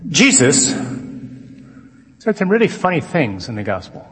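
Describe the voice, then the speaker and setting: A man, a priest giving a humorous conference sermon with lively storytelling and mock-dramatic asides. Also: fairly high pitch, measured pace, breathy edge. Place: large conference hall. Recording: long reverb of a conference hall.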